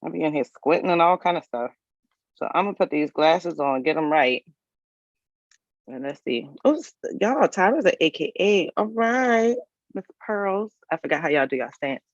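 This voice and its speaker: A woman's voice: on the low side, lively intonation, moderate pace, no echo, dull audio. A woman, hosting a live resume review in a casual, folksy, chatty way and talking straight to her viewers. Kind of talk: casual livestream chat.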